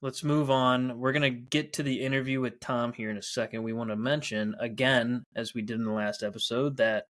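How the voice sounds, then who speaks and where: Young male co-host, mid-pitched, upbeat, casual plug reads. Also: fairly even intonation, brisk, few pauses, fairly bright tone. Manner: upbeat, uses um and uh. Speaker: podcast co-host. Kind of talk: casual podcast chat and ad read.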